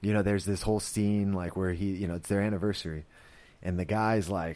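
A man's voice: low voice, fairly even intonation, a little fast, a little mellow. A man hosting a podcast, recapping a series in a loose, rambling way, full of "like" and "you know" and frequent swearing. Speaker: podcast host reviewing a series. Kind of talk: casual spoken recap.

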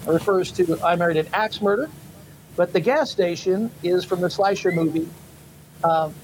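A man's voice: high-pitched, normal speed, darkish tone, slight background noise, rough recording. A man co-hosting a casual chat show, rambling and hesitant with many fillers. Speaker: podcast co-host.

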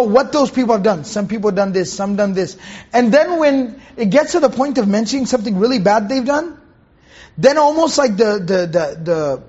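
Guy teaching a quran class, kinda raspy, repeats himself a lot, rhetorical questions, muffled lo-fi sound. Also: high voice, darkish tone. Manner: conversational, repeats phrases, rhetorical questions, recites Arabic verses. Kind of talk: Quran commentary lecture to students.

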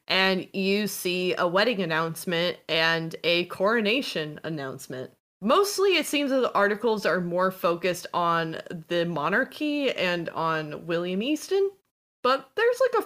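A woman with a slightly low voice narrates as game master of a tabletop role-playing game. She talks in a chatty, loose way, full of fillers. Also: a bit bright. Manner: chatty, fast, lots of fillers and laughter. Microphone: headset or desk mic at home.

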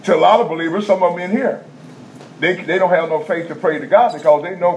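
A male preacher delivers a folksy sermon, circling back on his phrases before rising to emphatic bursts. His voice sits a little high for a man. The recording is dull and lo-fi, with faint room ambience behind him. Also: quick pace, a little mellow, a little hiss or hum. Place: prison chapel.

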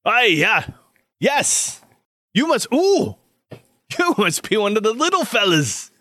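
Man doing a gruff, jokey camp armorer. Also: sits high, very animated, slow, bright, forceful tone, no room sound, studio quality, pitched above the performer's own voice, heavily acted. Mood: cheerful. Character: scruffy male armorer, gruff, jokey, rough-spoken.

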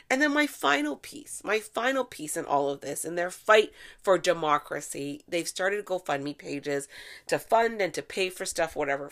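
A middle-aged woman from Canada giving opinionated solo commentary, sarcastic and animated, swearing freely and sometimes bursting into shouts. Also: on the low side. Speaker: vlogger.

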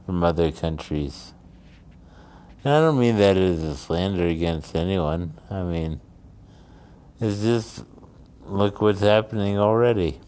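A man's voice: sits low, mellow. A man from the United States telling a casual story and rambling into musings. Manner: rambling, drifts between anecdote and musing.

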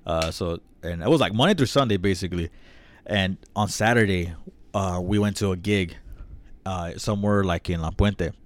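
A man's voice: deep voice, moderate pace, no echo. A young man telling a long story in a casual, slangy, profane way, acting out what people said. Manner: slangy, profane, animated storytelling with acted quotes.

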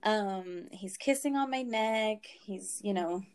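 A woman in her twenties telling a story in casual talk, animated, saying "like" a lot and swearing freely. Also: mid-range voice, slow pace, clean tone.

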